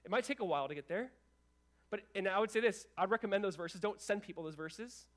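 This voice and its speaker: A young adult male pastor delivering a sermon in an animated, conversational way, with quick asides to the congregation. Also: high-pitched.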